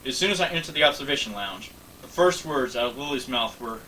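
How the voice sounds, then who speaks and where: Brief: man narrating a fan story, bright voice, distant mic, faint background noise. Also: medium pitch, lively intonation. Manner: plain, slightly halting narration. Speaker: story reader. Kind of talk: reading a fan story aloud.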